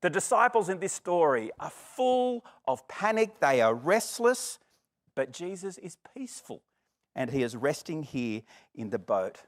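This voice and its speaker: A middle-aged man preaching a sermon, lively and expressive, acting out the voices in the story. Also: on the high side, a little slow. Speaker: pastor.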